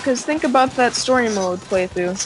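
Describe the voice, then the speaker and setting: A woman's voice: a little high, moderate pace, poor audio. A woman playing an online game with friends, teasing and chatting casually. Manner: teasing, playful. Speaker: co-player. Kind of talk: casual gameplay chat. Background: game music.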